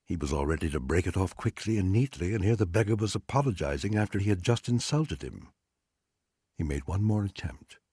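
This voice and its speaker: Male audiobook reader, husky low voice, lively expressive reading, dry close sound. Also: brisk, dry recording. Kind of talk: literary story narration.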